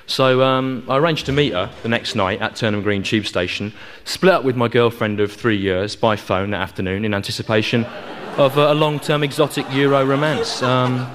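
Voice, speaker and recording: A man's voice: mid-range voice, moderate pace, a bit bright. A man telling a comic story in a rambling, wry way. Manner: rambling, hesitant with fillers, wry.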